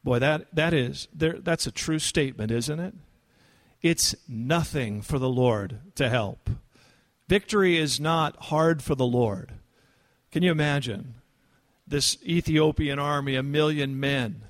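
Male pastor, slightly high voice, casual but earnest sermon delivery. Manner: conversational, earnest, rises in pitch for emphasis. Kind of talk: expository sermon.

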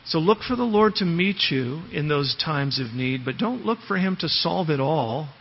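A pastor preaching a conversational sermon, verse by verse, often turning to the congregation with rhetorical questions. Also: male voice, fairly high pitch, animated, moderate pace, slight background noise. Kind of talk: expository sermon. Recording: long hall reverb, dull lo-fi sound.

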